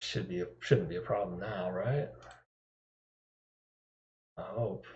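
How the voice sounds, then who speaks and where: Speaking slowly in a lowish, slightly mellow voice, a man wanders from topic to topic on his live stream, tossing in wry jokes at his own expense. His desktop microphone sounds dull and lo-fi, and the room adds a noticeable echo.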